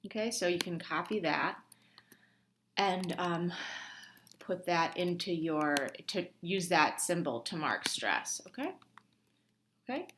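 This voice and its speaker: A woman's voice: lowish voice, expressive, takes it slowly, pauses often, a bit bright, a little hiss or hum. A young woman instructor talking through a lab tutorial casually, thinking aloud with many ums and restarts. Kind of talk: screen-recorded lab tutorial.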